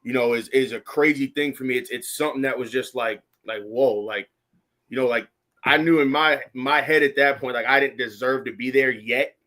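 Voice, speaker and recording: Casting: young adult man, middle pitch, sincere and reflective co-host, loose chatty fillers. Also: fairly even intonation, normal speed, bright, forceful tone. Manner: earnest, reflective, many fillers like "you know" and "like". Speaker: podcast co-host. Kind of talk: casual chat.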